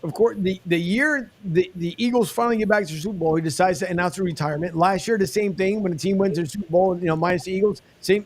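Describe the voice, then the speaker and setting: A man's voice: high voice, fast talker, hardly any pauses. A man hosting a sports podcast, sharing rambling opinions in an easygoing way. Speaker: podcast host. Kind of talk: casual podcast chat.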